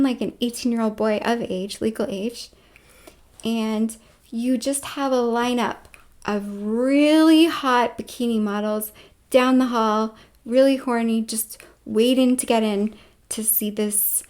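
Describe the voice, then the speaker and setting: This vlogger has a high voice and addresses the camera directly in a meandering, filler-heavy monologue. She keeps shifting from loud passages to quiet, hushed ones.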